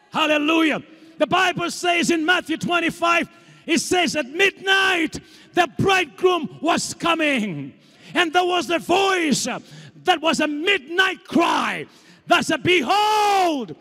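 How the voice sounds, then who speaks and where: A preacher with a strikingly high voice shouts his sermon across a big church hall, and the sound rings with long reverb. He speaks slowly and fervently, and his pitch swings widely as he rises to shouts and drops low again. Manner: fervent, shouting calls to rise up. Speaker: apostle preaching.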